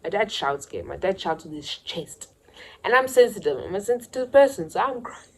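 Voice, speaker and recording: A woman's voice: mid-range voice, lively intonation, moderate pace, rough recording. A young woman from South Africa with a South African accent, telling a casual storytime to her channel and acting out the voices of the people in her story. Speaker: YouTuber.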